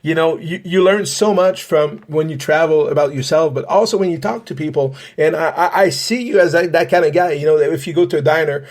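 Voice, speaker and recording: A man with a fairly high voice hosts a casual podcast interview. He rambles and restarts often, stacking fillers as he circles toward his questions. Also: a little fast, few pauses. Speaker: podcast host, paranormal investigator.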